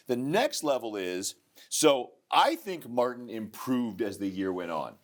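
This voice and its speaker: A man co-hosting a casual talk, sharing opinions in an expressive way. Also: mid-range voice, unhurried. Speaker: co-host. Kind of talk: casual bodybuilding chat.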